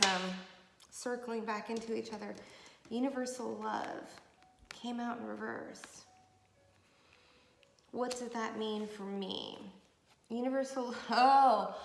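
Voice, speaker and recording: Rambling woman tarot reader, gravelly. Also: fairly high pitch, echoey room, background noise. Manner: emotional, meandering, talks to viewers. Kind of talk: rambling late-night tarot talk. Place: room at night.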